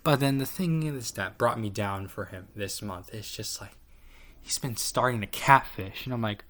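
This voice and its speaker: A guy with a fairly low, fairly bright voice and normal speed rambles through a tier list of his online friends. The casual commentary is profane and full of fillers and restarts.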